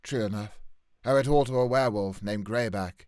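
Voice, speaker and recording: Man doing a calm scarred young wizard, clipped, matter-of-fact, dry close sound. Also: on the low side, moderate pace, clear, resonant tone, no room sound, natural voice.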